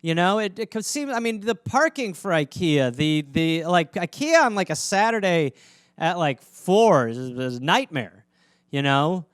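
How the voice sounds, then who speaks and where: A man hosting a podcast on his own, chatting casually in a rambling, joking way and sometimes putting on quick squeaky voices. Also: animated, smooth, no echo, clean studio sound. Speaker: podcast host. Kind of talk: casual solo podcast chat.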